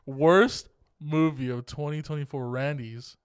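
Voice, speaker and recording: A young man with a smooth, fairly high voice co-hosts a casual podcast about movies. He swears freely and gets excitable. The sound is dry and close. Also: a little slow, no echo. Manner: profane, excitable, laughing. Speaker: podcast co-host. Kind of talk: casual movie review chat.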